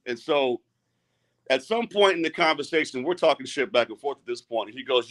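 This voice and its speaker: A man's voice: medium pitch, expressive, a little fast, fairly bright tone. A middle-aged man, an arm wrestler, speaking bluntly and with a lot of swearing in a heated live-stream rant. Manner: profane, blunt and agitated.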